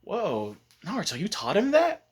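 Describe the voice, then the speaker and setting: A man's voice: high voice, wildly swooping pitch, normal speed, breathy edge, voice pushed up, heavily acted. A man voicing a shy, hesitant teenage girl ninja.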